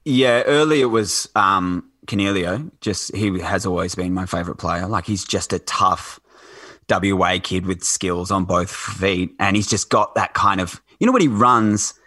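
Chatty man, bright dry voice. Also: low voice, a little slow, no echo. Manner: rambling, lots of fillers and restarts. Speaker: guest. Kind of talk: casual podcast chat.

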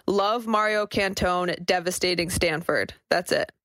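A woman's voice: fairly low pitch, measured pace, fairly bright tone, no room sound. A young woman co-hosting a podcast in casual chat, riffing sarcastically and acting out quoted asides. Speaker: podcast co-host.

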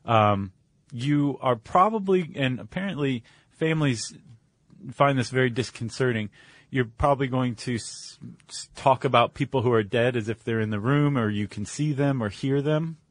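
Male podcast co-host, easygoing explainer, mid pitch, dry close mic. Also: normal speed, no echo. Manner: explains with fillers and restarts. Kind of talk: casual conversational chat.

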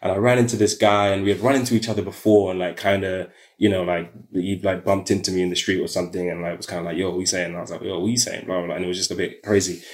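A man's voice: low voice, level tone, racing, few pauses, darkish tone. A young man with a South London accent, a podcast guest telling a story in casual chat, full of fillers and slang.

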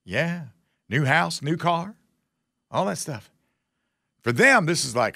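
A man's voice: on the high side, animated, takes it slowly, creaky, pauses often, sharp tone, dry recording, clean studio sound. A man hosting a talk show, giving casual political commentary in a sarcastic, folksy, mocking way.

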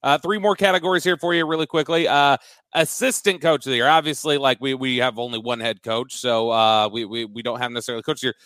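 A man with a bright, forceful voice hosts a sports chat, moving the talk along and stammering on his restarts. The sound is dry and close. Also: medium pitch, steady tone, fast talker, no room sound. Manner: conversational, steers the segment, stammers on restarts. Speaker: host.

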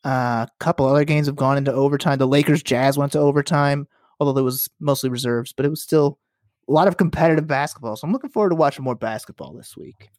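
A young man co-hosting a podcast, talking basketball in a relaxed, agreeable way, full of "like" and "you know". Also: mid-range voice, fast talker, no room sound, clean studio sound. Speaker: podcast co-host. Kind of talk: casual sports chat.

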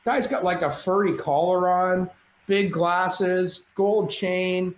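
Animated storytelling man in echoey room. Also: high-pitched, takes it slowly. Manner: animated, profane, restarts often. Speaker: podcast guest. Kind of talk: casual storytelling. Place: at home. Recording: echoey room with faint background noise.

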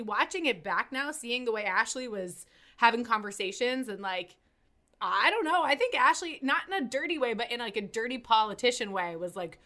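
A woman with a fairly high voice co-hosts a casual podcast chat. She sounds playful and giddy, breaking into laughter easily and bouncing between jokes and banter. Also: pushed and bright. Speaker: podcast co-host.

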